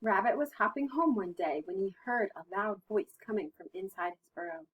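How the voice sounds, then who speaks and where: A woman teacher reading a children's picture book aloud, gentle and expressive. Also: medium pitch, moderate pace, few pauses, breathy edge, rough recording. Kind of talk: storybook read-aloud.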